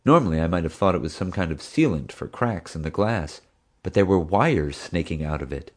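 Low male narrator, steady scripted read. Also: a little fast. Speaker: audiobook narrator.

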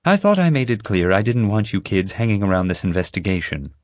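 A man voicing a stern, commanding woman FBI agent in an audiobook, brisk and insistent. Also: on the low side, very animated, dry recording. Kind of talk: audiobook character voice.

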